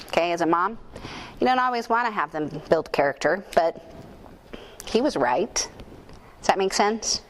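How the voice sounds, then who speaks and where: A middle-aged woman speaking at a conference, telling a personal story in a candid, self-deprecating, animated way. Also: medium pitch, a little hiss or hum. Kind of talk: storytelling keynote talk. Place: conference room.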